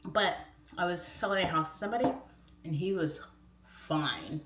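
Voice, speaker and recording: A woman's voice: on the low side, normal speed, fairly bright tone, a little hiss or hum. A woman in her thirties hosting her own livestream, telling comic stories in a chatty, rambling way with laughing asides. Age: 30s. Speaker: livestream host. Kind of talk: casual chat, comic storytelling. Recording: echoey room.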